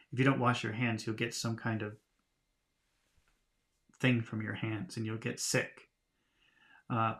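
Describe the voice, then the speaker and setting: Chatty male English teacher. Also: mid-range voice. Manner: relaxed, chatty, laughs at himself, lively voices for quoted lines. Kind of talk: reading a storybook aloud and explaining vocabulary.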